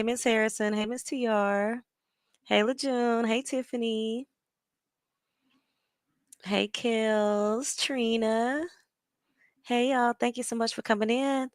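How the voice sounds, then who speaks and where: A woman's voice: mid-range voice, fairly bright tone, dry recording, studio quality. A woman hosting a casual livestream, chatting and greeting viewers by name with teasing humor. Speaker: livestream host. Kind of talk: casual chat.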